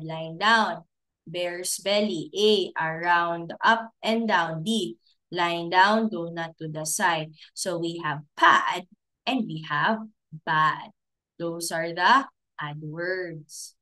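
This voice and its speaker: A woman teaching a recorded preschool class, talking slowly and sounding out letters step by step for small children. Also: fairly low pitch, bright, forceful tone. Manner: slow, sounding out letters and giving simple steps.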